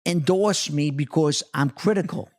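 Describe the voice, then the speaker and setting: A middle-aged man from New York, a guest actor telling excitable, swearing anecdotes in casual chat. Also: fairly high pitch, unhurried. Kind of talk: animated storytelling in casual chat.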